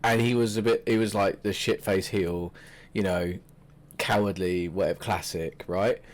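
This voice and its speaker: A man co-hosting a podcast, chatting casually about wrestling, animated and swearing freely. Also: sits low, normal speed. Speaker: podcast co-host.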